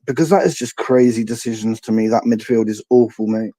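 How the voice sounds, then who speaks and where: A man who is a guest on a live football stream, talking through team choices in a measured, blunt way. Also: on the low side, mellow, no echo. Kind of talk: casual football discussion.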